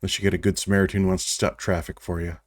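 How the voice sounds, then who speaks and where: A man with a notably low voice runs a tabletop game, describing the scene in a relaxed, wry way. The sound is dry and close, with no room around it. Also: racing, no echo. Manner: relaxed, wry narration with small restarts. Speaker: game master.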